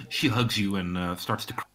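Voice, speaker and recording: A man narrating a tabletop game as game master, with halting, filler-heavy delivery. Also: lowish voice, pushed and bright, a little hiss or hum.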